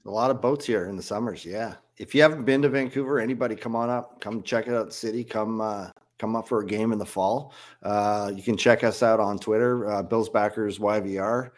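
A man being interviewed as a fan club president, easygoing and relaxed. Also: fairly low pitch, fairly quick, hardly any pauses. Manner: relaxed, easygoing, many fillers. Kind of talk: casual interview chat.

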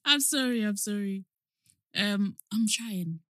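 A young woman, co-hosting a casual podcast chat; she is playful, laughs easily and sometimes drops into a low, flat voice. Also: takes it slowly, no echo, studio quality. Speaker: podcast co-host.

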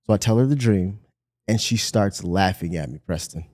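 A man from Michigan, a pastor, telling an animated personal story in a podcast conversation and acting out the voices he quotes. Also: low-pitched, moderate pace.

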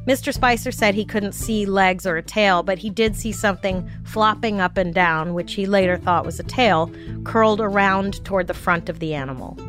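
A woman's voice: medium pitch, normal speed, a bit bright, faint music behind. A woman hosting a podcast, narrating a scripted story with wry, jokey asides. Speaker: podcast host.

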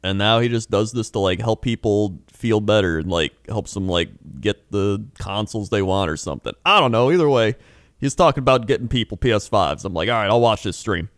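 A man's voice: on the low side, lively intonation, brisk, a bit bright, no room sound, clean studio sound. A young man co-hosting a casual chat podcast, telling a rambling story with lots of fillers and swearing. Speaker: podcast co-host.

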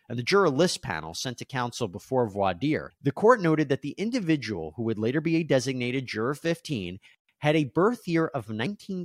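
A man's voice: fairly high pitch, no room sound. A man hosting a legal news show, explaining court filings and reading quotes from them aloud.

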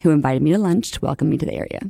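A young woman from New Orleans, a podcast guest, telling lively stories in casual chat and acting out the lines of the people she quotes. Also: low voice, very fast, creaky, husky, dry recording, clean studio sound. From New Orleans, USA. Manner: animated storyteller, acts out quotes, laughs often.

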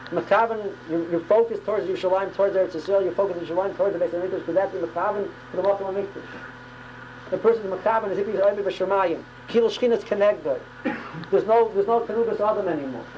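A woman's voice: mid-range voice, quick pace, darkish tone, a little hiss or hum, low-quality recording. Emphatic woman teaching a Torah class. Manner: emphatic, repeats words and restarts phrases often. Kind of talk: religious class on prayer.

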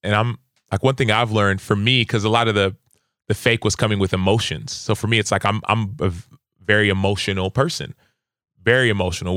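Earnest young man with a low voice. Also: no room sound, studio quality. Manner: earnest, animated, lively acted-out quotes. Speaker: podcast guest, pro football player. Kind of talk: conversational interview storytelling.

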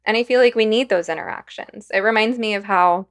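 A woman's voice: mid-range voice, brisk. A woman hosting a podcast interview, responding in a thoughtful, conversational way. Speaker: podcast host.

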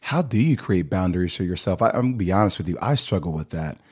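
Candid, enthusiastic male host, low voice. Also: lively intonation, quick pace, darkish tone, slightly rough. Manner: enthusiastic, candid, asks personal questions. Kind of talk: casual interview chat.

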